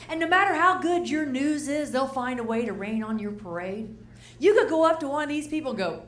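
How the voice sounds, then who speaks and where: Older woman doing lively stand-up. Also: high voice, a little fast. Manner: chatty, asks the crowd questions, acts out characters. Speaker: stand-up comedian. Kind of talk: stand-up routine. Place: comedy stage before a live audience. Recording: roomy live venue.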